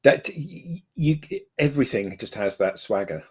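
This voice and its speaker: A man's voice: mid-range voice, lively intonation, normal speed, husky. A man co-hosting a casual pub-style chat about albums, eager and sometimes stumbling over his first words. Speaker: podcast co-host.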